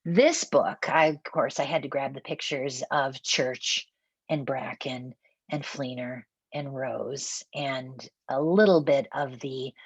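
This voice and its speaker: Speaking in a very deep, husky voice with no echo, a Minnesotan-accented woman leads a roundtable during a webinar. She keeps it conversational, thinking out loud and restarting now and then.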